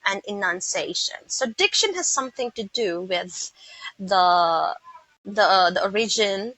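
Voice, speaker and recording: Bright-voiced Filipino woman teaching English. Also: medium pitch, no room sound, rough recording. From Philippines. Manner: patient, explanatory, with frequent comprehension checks. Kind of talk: online English lesson.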